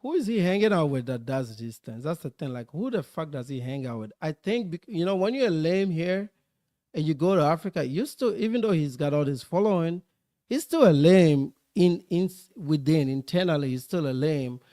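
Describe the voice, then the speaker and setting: A man's voice: on the high side, expressive, a little fast, mellow, no echo, studio quality. A man ranting casually in a clip, profane and dismissive, full of slang.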